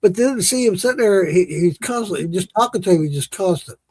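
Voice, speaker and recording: Man, slightly high voice, husky, casual storytelling, laughing, dry close sound. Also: expressive, quick pace, darkish tone, no echo. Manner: laughs often, swears, acts out quotes. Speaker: podcast host.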